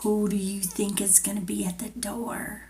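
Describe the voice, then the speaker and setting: A woman teacher reading a picture book aloud to young children in a gentle, playful storyteller manner. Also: medium pitch, level tone, normal speed.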